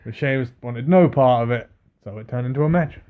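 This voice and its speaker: A man in a relaxed wrestling chat speaks at a middling pitch. He keeps things light, tossing out jokes, questions and guesses about what comes next. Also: brisk. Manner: chatty, joking, asks questions and speculates. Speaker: podcast co-host. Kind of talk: casual wrestling recap chat.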